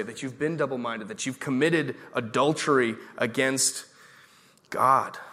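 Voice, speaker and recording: Bright-voiced man preaching a sermon. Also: mid-range voice. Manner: preaching with audience questions, slow emphatic repeated verses. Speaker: pastor.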